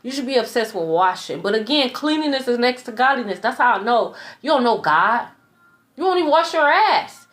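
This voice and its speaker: A woman's voice: a little high, very animated, brisk, fairly bright tone. A young woman tarot reader ranting in a blunt, profane, repetitive monologue. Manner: blunt, profane, repeats herself.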